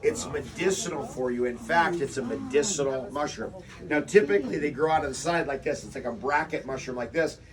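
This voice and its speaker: A man's voice: mid-range voice, a little fast, far from the mic, a crowd in the background. A man leading an outdoor workshop, talking animatedly and acting out quotes with rhetorical questions. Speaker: workshop leader. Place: outdoors before a forest walk.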